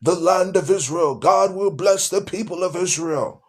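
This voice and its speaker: Booming older TV preacher, pompous and slow, done by a man in a raised voice. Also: slightly rough. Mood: grandiose. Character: booming older male TV preacher pleading for money.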